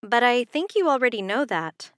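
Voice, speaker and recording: Audiobook heroine: a woman voicing a flustered young woman at a tour booth, lifted a little higher than the narration, quick and a touch breathless. Smooth, clear tone. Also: big pitch swings, dry recording, studio quality. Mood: teasing.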